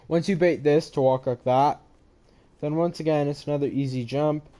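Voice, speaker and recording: A young man with a slightly high, dark-toned voice walks through his own game maps for his gaming channel, keeping a steady tone at a moderate pace. Talking into a head-mounted mic, he rambles sleepily, yawning and saying sorry.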